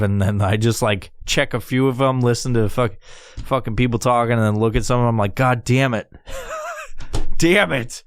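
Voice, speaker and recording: A man hosting a solo podcast, rambling through a story with constant swearing and lively mimicry. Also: on the high side, clear, resonant tone, no echo, studio quality. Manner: profane, rambling, animated storytelling. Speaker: podcast host.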